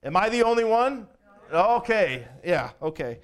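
A male pastor preaching a sermon, lively and swinging between loud declarations and hushed, soft asides, with frequent chuckles. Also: high voice, unhurried, clear, resonant tone.

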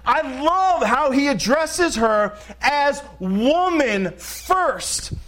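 A man's voice: very high voice, animated, drawn-out words, fairly bright tone. A middle-aged man preaching a sermon as pastor, emphatic, repeating phrases and calling out to the congregation.

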